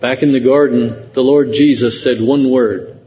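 A man preaching a sermon slowly and earnestly, rising into emotional emphasis at key phrases. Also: mid-range voice, fairly even intonation, slight background noise. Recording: dull lo-fi sound with long hall reverb.

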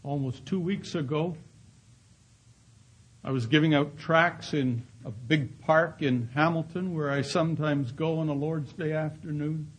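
Guy preaching, husky kinda high voice, tells stories earnest like. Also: fairly even intonation, a little slow, poor audio. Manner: earnest, acts out voices in quoted dialogue. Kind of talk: sermon with storytelling. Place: Canada.

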